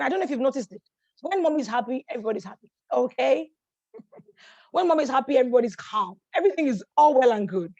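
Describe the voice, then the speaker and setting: A woman hosting a motivational masterclass, energetic and encouraging, who keeps checking in with her audience and repeats phrases for emphasis. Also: high-pitched, no room sound, lo-fi sound. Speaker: life coach hosting a masterclass. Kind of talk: motivational teaching talk.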